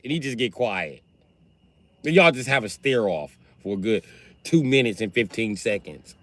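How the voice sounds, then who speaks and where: A man hosting a livestream, talking in a casual, profane and animated way as he tells stories. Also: mid-range voice, moderate pace. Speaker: livestream host.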